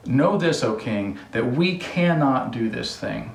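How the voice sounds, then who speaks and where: A man's voice: mid-range voice, expressive, slow, creaky, distant mic. A man voices three brave young believers, solemn and unbending as they refuse a king. The sound is roomy, as if he stands away from the mic. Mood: defiant. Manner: solemn, firm. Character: three defiant young men of faith.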